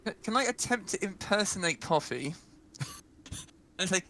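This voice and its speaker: A man's voice: sits high, expressive, a little slow, pauses often, sharp tone, slight background noise, rough recording. A man playing a tabletop game, talking casually, laughing and stammering a little. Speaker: player.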